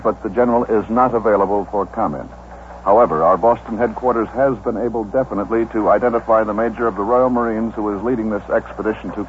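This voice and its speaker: An actor playing a studio news anchor in a 1950s radio drama, with a measured, formal announcer delivery. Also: male voice, fairly low pitch, close to an everyday voice. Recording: tinny old radio broadcast, faint hiss.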